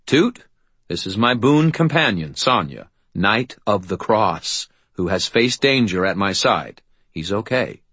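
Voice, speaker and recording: A man playing a grown male hero who cracks jokes in a teasing, sardonic tone, his low, slightly husky voice lifting with emphasis. He sounds dry and close in the storybook reading. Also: big pitch swings, unhurried, a bit bright, no room sound, full character voice. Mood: wry.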